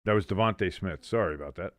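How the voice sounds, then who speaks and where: A watch-along host with a low voice delivers live play-by-play commentary at a fast clip, with no room sound. He calls plays with dry jokes, keeps correcting himself, and reads chat aloud.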